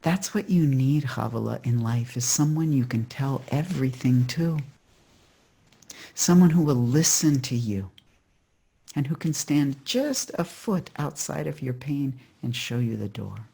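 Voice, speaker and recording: A storyteller voicing a gentle, wise old Hasidic rebbe, a man who speaks softly, patiently and without hurry, with a gravelly, husky voice. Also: medium pitch, lively intonation, exaggerated voice. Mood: gently teaching. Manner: soft, patient and unhurried.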